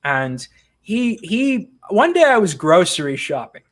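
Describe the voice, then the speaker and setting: Man, comic writer, interview guest, higher voice, animated, self-mocking storyteller. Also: measured pace. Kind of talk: casual interview chat.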